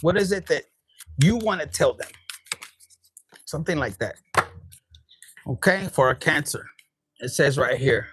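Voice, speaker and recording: A man's voice: fairly high pitch, lively intonation, moderate pace, pauses often, slightly rough, no echo. A young man, reading tarot in a casual livestream, talking candidly with profanity and jokes and slipping into Spanish words. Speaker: tarot reader.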